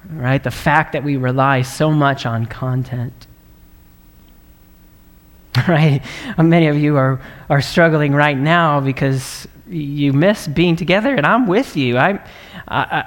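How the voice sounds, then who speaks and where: A man preaching a livestreamed sermon as pastor, in a conversational, earnest way, with light laughs and frequent "right?" checks to his viewers. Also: fairly high pitch. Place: large church sanctuary. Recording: long reverb of a large hall.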